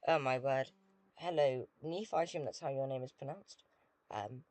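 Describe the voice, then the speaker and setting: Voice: mid-range voice, normal speed, darkish tone, dry recording. A British streamer chatting casually with viewers while playing a game, dry and self-deprecating.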